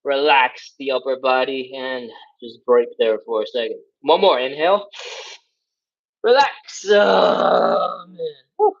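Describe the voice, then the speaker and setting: A man leading a live stretching class, coaching and counting out loud while he stretches along, puffing and sighing between cues. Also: mid-range voice, animated, slow, vocal fry, pauses often, muffled recording. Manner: breathing hard, sighs and grunts while stretching along. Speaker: fitness instructor.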